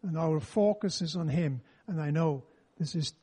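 Male pastor, high and husky, earnest welcome and prayer. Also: normal speed, mellow.

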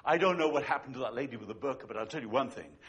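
A man preaching a sermon as a pastor, telling stories with swings between loud and hushed delivery. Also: medium pitch, racing, husky. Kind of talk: sermon with storytelling.

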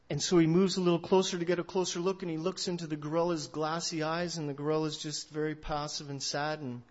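Conversational male pastor, muffled recording. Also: a little high. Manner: conversational storyteller, loud then hushed. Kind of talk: sermon with a told story. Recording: dull lo-fi recording.

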